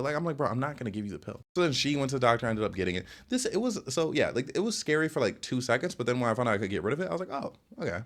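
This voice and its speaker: Young guy yapping fast about his life, lots of "like" and "bro", voice bouncing up and down. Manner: rambling, lots of filler "like" and "bro", jumps in pitch. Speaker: storytelling vlogger. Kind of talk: casual storytime rant.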